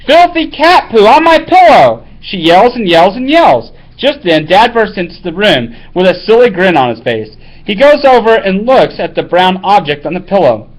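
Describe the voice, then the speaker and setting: A man's voice: sits high, a bit bright, low-quality recording. A male teacher reading a story aloud to his class, then giving casual directions for a writing task.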